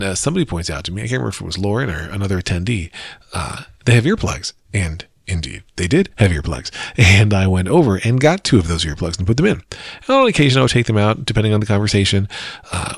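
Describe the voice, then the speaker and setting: A man's voice: on the low side, vocal fry, dry recording, clean studio sound. A man in his forties hosting a podcast, telling a rambling, self-deprecating story about his weekend in a casual monologue. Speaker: podcast host.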